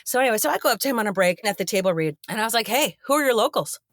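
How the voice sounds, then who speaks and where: A woman's voice: mid-range voice, racing, no echo, studio quality. A middle-aged actress guest in a casual interview, telling stories and acting out the people she quotes. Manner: animated storyteller acting out quoted voices.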